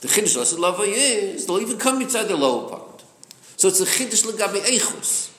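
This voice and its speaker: Fairly quick and high-voiced, a man leads a Torah study class in a room with a roomy echo. He's animated, asking questions and answering them himself.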